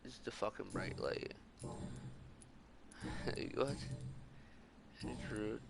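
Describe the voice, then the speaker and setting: A man's voice: mid-range voice, very slow, creaky. A man streaming a video game, reacting in rambling, profane commentary full of "like". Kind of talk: casual gameplay commentary.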